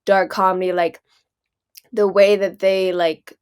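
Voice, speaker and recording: A woman's voice: medium pitch, level tone, a little slow, a little mellow, clear, resonant tone. Young woman saying "like" constantly. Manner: heavy use of "like", restarts, thinking aloud. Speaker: podcast co-host. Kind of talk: casual chat.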